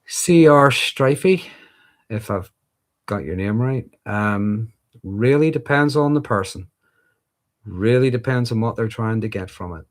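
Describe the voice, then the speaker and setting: A man's voice: lowish voice, lively intonation, a little slow. A middle-aged man with a Northern Irish accent, hosting a casual livestream and answering viewer questions in a thoughtful, rambling way with frequent ums. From Northern Ireland.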